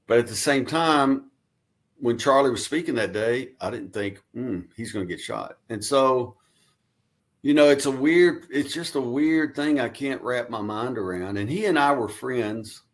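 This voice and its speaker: A man's voice: medium pitch, unhurried. A man as the guest on a radio interview, earnestly explaining his views in long runs. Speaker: guest commentator.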